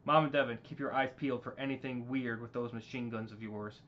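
A man voicing Douglas, a young team leader, giving loud, stumbling orders on a dull lo-fi recording. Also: medium pitch, steady tone, a little fast, lightly acted. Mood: commanding.

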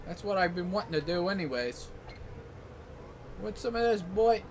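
A man giving live gameplay commentary, yelling excitedly and in frustration at the game as he plays. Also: high voice, moderate pace, pauses often, slight background noise. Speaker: gaming channel host.

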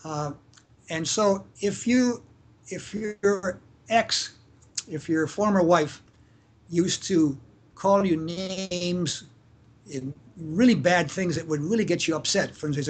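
A man, a family lawyer, answering interview questions casually and acting out examples, often restarting his sentences. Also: high-pitched. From Canada. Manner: acts out shouted examples, halting restarts.

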